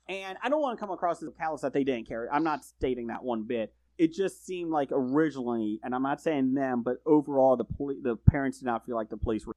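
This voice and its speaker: A man's voice: medium pitch, darkish tone, no echo. A man on a podcast as a guest, talking casually with rambling, self-correcting sentences and joking asides. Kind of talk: casual true-crime chat.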